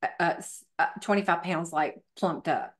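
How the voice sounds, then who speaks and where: A woman's voice: on the low side, fairly even intonation, normal speed. A middle-aged woman, a fitness professional and podcast guest, telling her story in a chatty way with many fillers. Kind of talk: casual interview storytelling.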